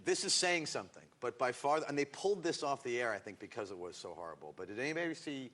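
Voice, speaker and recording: A man's voice: medium pitch, slight background noise. A man chatting as a talk show guest, telling comic stories and acting out lines. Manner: animated storyteller, quick to mimic voices. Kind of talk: casual chat.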